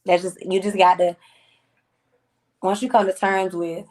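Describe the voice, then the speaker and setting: A woman's voice: medium pitch, little pitch movement, measured pace, darkish tone. A woman musician as a podcast guest, talking casually and earnestly, repeating phrases and using slang. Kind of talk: casual interview talk.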